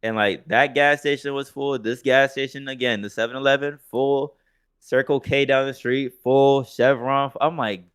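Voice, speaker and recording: A man's voice: mid-range voice, fairly even intonation, normal speed, fairly bright tone, clear, resonant tone, dry recording, studio quality. A man chatting on a podcast with a mid-range voice. He tells a long story loosely and profanely, often laughing. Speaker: podcast co-host. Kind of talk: casual chat.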